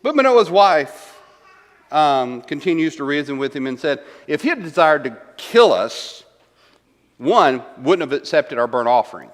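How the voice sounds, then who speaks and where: A man's voice: on the high side, sing-song, unhurried. Man teaching Bible class in an echoey church room. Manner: conversational, asks rhetorical questions, tags lines with "right?"; paraphrases verses and repeats key lines for emphasis. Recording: reverberant church room, long echo.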